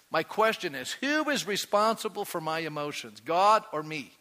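Middle-aged male preacher, animated and questioning, fairly high bright voice in a reverberant hall. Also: moderate pace, few pauses. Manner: energetic, quizzes the congregation with rising questions. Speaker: pastor. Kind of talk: sermon.

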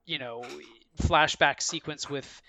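A man's voice: on the high side, takes it slowly, sharp tone. A man co-hosting a casual movie review chat, earnest and stammering through restarts.

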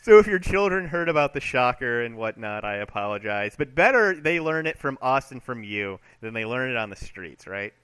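Bright-voiced man chatting on a podcast. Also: mid-range voice, very animated, clean tone. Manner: chatty, quick to laugh at his own jokes. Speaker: podcast co-host. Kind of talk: casual comic-book podcast chat.

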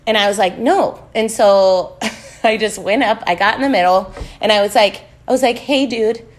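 Animated young woman telling a story. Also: medium pitch, normal speed. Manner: swears a lot, acts out quotes, laughs often. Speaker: touring musician, podcast guest.

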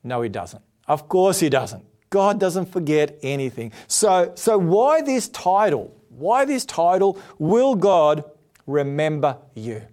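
A middle-aged man preaching a sermon, his voice pitched high for a man. He tells stories with animated jumps in pitch, then settles into a steady preaching tone. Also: slow. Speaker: pastor. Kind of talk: sermon with personal story.

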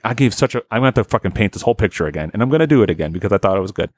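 A man hosting a casual podcast, ranting in an exasperated, profane, animated way. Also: fairly low pitch, racing, no room sound, studio quality. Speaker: podcast host.

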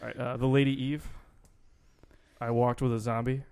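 A man chatting on a podcast in a loose, rambling way, with casual swearing. His voice is smooth and clear, and sits at a middle pitch. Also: level tone, moderate pace, dark tone. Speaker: podcast co-host. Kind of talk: casual film-podcast chat.

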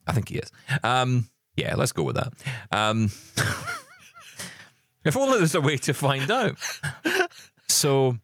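A man's voice: medium pitch, wildly swooping pitch, slow, pauses often, a bit bright, no echo, clean studio sound. A middle-aged Scottish man co-hosting a podcast, chatty and self-mocking, often laughing. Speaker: podcast co-host. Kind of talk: casual chat.

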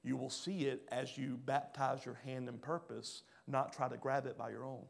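A pastor preaching a sermon, swinging between loud rising bursts and quiet low drops. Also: male voice, little pitch movement, moderate pace, gravelly. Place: church hall.

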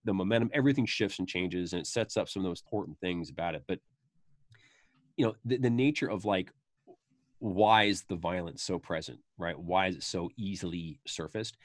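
A man chatting casually as a podcast host, retelling film scenes and breaking into high, animated voices for the quoted lines. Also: fairly quick, no room sound, studio quality. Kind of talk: casual chat about a film.

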